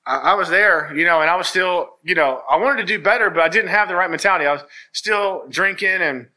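Casting man, personal church testimony, slightly high, very bright and forceful, earnest and rambling. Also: brisk. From Virginia, US. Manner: earnest, rambling storytelling with many restarts. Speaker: church member giving testimony.

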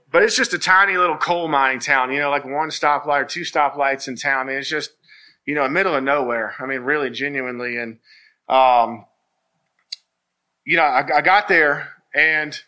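Earnest man, bright forceful voice. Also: a little high. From Virginia, US. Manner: earnest, rambling storytelling with many restarts. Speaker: church member giving testimony. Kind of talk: personal testimony.

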